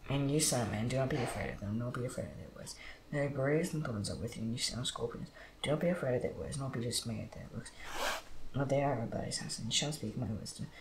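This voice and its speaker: A man reads scripture aloud quickly, with a gravelly edge to his voice. The room is echoey and a steady background noise runs underneath. He stumbles and restarts now and then. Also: mid-range voice. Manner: steady reading with slips and restarts. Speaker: Bible reader.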